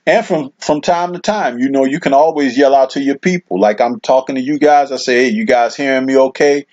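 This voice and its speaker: A relaxed man talking straight to his stream viewers, easygoing and conversational, his mid-range voice steady and unforced. The audio is a bit dull and lo-fi, like a home streaming setup. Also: medium pitch, a little fast. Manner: laid-back, chatty, lots of "man" and "you know". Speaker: livestream host. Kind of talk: casual livestream chat, reading out viewer comments.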